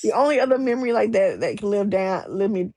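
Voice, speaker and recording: Animated woman with a raspy, gravelly voice. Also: mid-range voice, quick pace, no room sound, clean studio sound. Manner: animated, acts out quoted voices, many restarts. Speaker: romance author guest. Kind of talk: casual interview storytelling.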